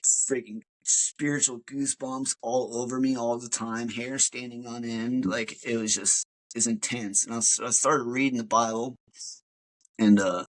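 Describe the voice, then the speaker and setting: A man's voice: medium pitch, steady tone, unhurried, poor audio. A man, a podcast guest, tells his personal story in a casual, rambling way, full of fillers and calling the host dude. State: emotional.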